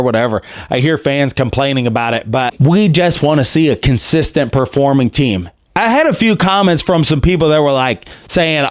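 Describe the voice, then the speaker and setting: A man's voice: mid-range voice, clean tone, no echo, studio quality. A man hosting a sports podcast, chatting in a rambling, candid, opinionated way. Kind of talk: casual opinionated chat.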